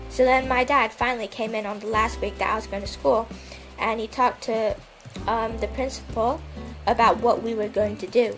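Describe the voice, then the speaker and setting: Young girl venting bout school, real high voice, faint music under it. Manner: animated, indignant ranting with mocking voices. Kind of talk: casual storytelling chat.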